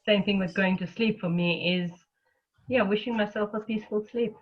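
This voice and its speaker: A woman leads a loving-kindness meditation with a calm, unhurried delivery. Her words come softly and slowly. The sound is thin and phone-like, as over a video call. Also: medium pitch. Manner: gentle, soothing, speaks slowly. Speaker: meditation teacher. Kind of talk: guided meditation teaching. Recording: lo-fi phone-like audio.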